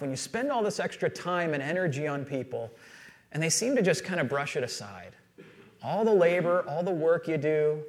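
A man in his thirties preaching a sermon, telling family stories in a relaxed, self-deprecating way. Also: on the high side. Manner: conversational storytelling with self-deprecating humor. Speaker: pastor.

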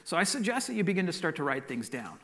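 A man's voice: on the high side, big pitch swings, quick pace, fairly bright tone. A man voicing a matter-of-fact doctor advising an elderly couple, in a joke within a sermon.

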